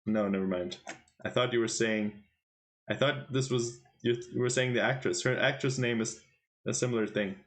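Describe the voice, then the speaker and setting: A man's voice: medium pitch, steady tone, normal speed. A man commentating a chess tournament on his live stream, casually teasing his chat and quizzing viewers. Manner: playful, teasing the chat with quiz questions.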